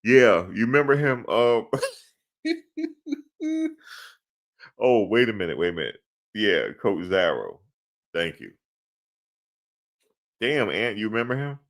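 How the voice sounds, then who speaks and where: A man's voice: lowish voice, wildly swooping pitch, slow pace, pauses often, fairly bright tone. A man co-hosting a sports podcast in casual chat, slangy and laughing often.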